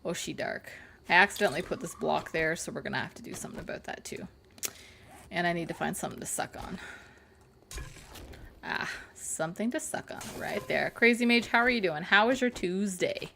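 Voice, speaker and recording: Woman, livestream gamer, low voice, teasing and sarcastic, faint hiss behind. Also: fairly quick, gravelly, pushed and bright. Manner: playful, sarcastic, innuendo jokes. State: burnt mouth. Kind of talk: casual live-stream chat with viewers.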